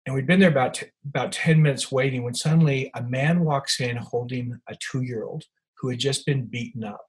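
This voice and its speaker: A man's voice: medium pitch, brisk, breathy edge, poor audio. An older man, an author, telling rambling anecdotes as a podcast guest, with many restarts and fillers. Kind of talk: storytelling in a podcast interview.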